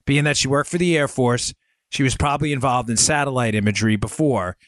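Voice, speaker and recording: A man in his forties hosts a political commentary podcast, his medium-pitched voice a touch fast and bright, recorded studio-clean with no echo. He speaks emphatically to his listeners, calling them folks, and mixes in stories and sarcastic asides.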